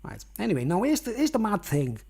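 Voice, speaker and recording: A middle-aged man with a slightly higher than usual voice, rambling to camera as a vlogger. He wanders from point to point, restarts his phrases and keeps checking in with the viewer. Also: wildly swooping pitch, fast talker, vocal fry, darkish tone, breathy edge. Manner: meandering, repeats "you know what I mean", restarts phrases.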